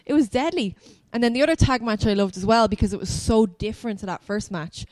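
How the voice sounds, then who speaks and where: A woman's voice: fairly high pitch, expressive, darkish tone, no echo, rough recording. Chatty Irish woman, dry close sound. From Ireland. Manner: chatty, laughs often, quick asides. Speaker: podcast co-host. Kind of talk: casual chat.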